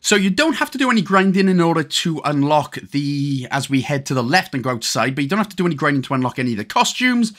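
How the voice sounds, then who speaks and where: A man's voice: a little high, big pitch swings, fast talker, hardly any pauses, fairly bright tone. A man with a Welsh accent giving a chatty gameplay walkthrough commentary, full of joking asides and casual slang. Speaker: gaming guide host.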